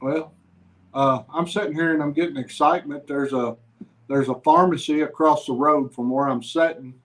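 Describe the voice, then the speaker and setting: A man's voice: a little high, steady tone, normal speed, a bit bright, rough recording. A man talking as a guest in a casual chat, easygoing and plainspoken.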